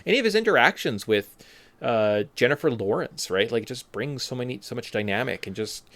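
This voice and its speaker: A man hosting a podcast in casual chat, animated and joking. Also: medium pitch, a little fast, dry recording. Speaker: podcast host.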